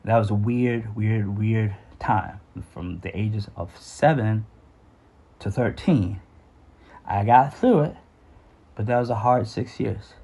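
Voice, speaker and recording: A man's voice: lowish voice, slow pace, dark tone, husky. A man telling a candid personal story about his childhood, with frequent restarts and some swearing.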